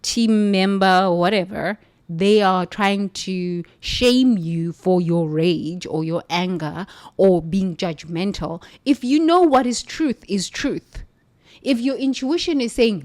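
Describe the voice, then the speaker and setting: Animated woman telling a spiritual story. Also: mid-range voice, slow. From United States. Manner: animated, emphatic, laughs between lines. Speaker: former nun, storyteller.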